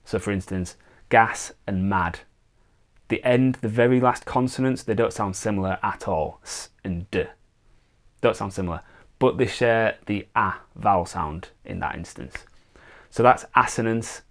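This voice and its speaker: A man teaching songwriting in a relaxed, step-by-step way, with frequent fillers. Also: fairly low pitch, a little slow. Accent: non-American English. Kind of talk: casual explanatory lesson.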